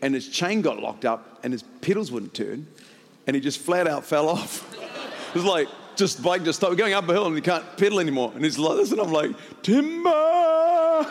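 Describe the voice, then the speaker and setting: A middle-aged male pastor, telling a story in a sermon, laughing often and building to shouts. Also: fairly high pitch, lively intonation, fast, in a large hall, a little hiss or hum.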